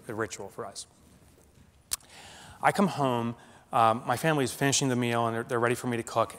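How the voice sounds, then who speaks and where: A male keynote speaker telling a dramatic personal story to a live audience, swinging from loud and animated to hushed and slow. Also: mid-range voice. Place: large conference hall. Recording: long hall reverb.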